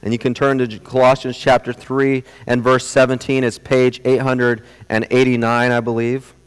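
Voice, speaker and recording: Young pastor preaching in a reverberant church. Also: male voice, medium pitch, moderate pace, clear, resonant tone. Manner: earnest, builds from quiet storytelling to animated emphasis. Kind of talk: sermon. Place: church sanctuary. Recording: long hall reverb.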